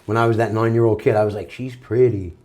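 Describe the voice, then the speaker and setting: A man's voice: fairly low pitch, monotone, racing, a little mellow, a little hiss or hum. A man, reminiscing casually as a guest, blunt and brief. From Brooklyn. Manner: blunt, short agreeing remarks. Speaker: guest, uncle.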